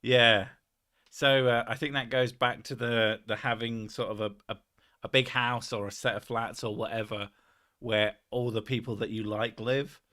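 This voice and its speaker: A man's voice: medium pitch, flat delivery, moderate pace, pushed and bright. A man hosting his stream, chatting casually and rambling, swearing freely and laughing at himself. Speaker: streamer host. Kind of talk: casual chat reading viewer messages.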